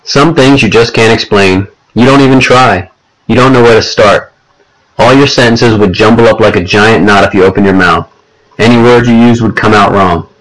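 A man narrating an audiobook in a measured, unhurried storytelling manner. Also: on the low side, a bit bright, poor audio.

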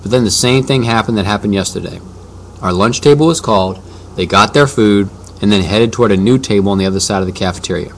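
A man reads a storybook aloud in the first person, with a lowish voice. He tells it casually, like a boy recounting his school day. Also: fast talker, a little hiss or hum. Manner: conversational, boyish storytelling. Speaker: audiobook narrator.

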